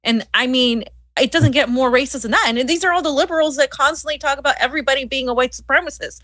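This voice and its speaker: A woman co-hosting a political commentary show, talking fast and heatedly, often repeating words as she builds a point. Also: sits high, bright, forceful tone, no echo. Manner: rapid, heated, repeats words when worked up. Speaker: co-host.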